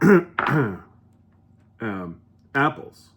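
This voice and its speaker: A man's voice: on the high side, sing-song, very slow, background noise. A man casually rambling through a home cooking vlog, chatty and full of fillers, restarts and asides.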